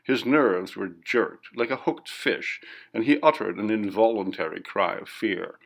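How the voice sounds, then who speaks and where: A man reading a classic ghost story aloud in measured, dramatic narration. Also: fairly low pitch, gravelly. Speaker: audiobook narrator.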